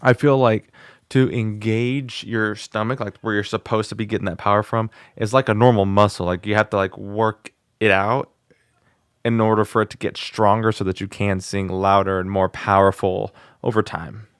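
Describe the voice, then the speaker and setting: A man's voice: lowish voice, little pitch movement, normal speed, clear, resonant tone, no echo, studio quality. A man hosting his own music channel, chatting casually while he works through a beginner singing course and tries the vocal exercises aloud. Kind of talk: casual vlog lesson. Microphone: studio microphone.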